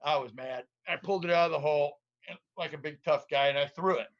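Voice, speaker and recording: Animated man telling a prospecting tale. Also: fairly high pitch, fast. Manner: animated storyteller who acts out voices and sounds. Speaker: guest gold prospector. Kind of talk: casual storytelling on a live stream. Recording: muffled lo-fi stream audio.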